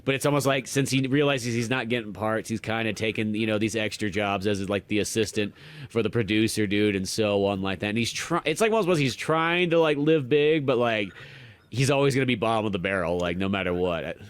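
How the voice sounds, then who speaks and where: A man co-hosting a podcast, chatting about a film in an animated way, swearing freely and quoting its scenes. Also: fairly low pitch, fairly quick, clean tone. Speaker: podcast co-host. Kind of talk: casual film review chat.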